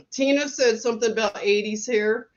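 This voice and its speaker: A woman's voice: on the high side, unhurried, dull audio. A middle-aged woman hosting a casual livestream, telling stories, laughing often and reading out viewer comments. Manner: chatty, laughs often, storytelling.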